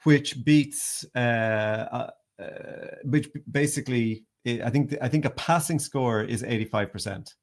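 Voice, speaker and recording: Male podcast host, mid pitch, chatty, halting delivery. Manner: conversational, hesitant, many fillers and repeats. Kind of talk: casual podcast chat.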